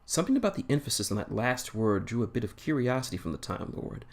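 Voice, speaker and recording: A man's voice: mid-range voice, very animated, fast. A man reading a fan story aloud, narrating plainly and often correcting himself mid-phrase. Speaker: story reader.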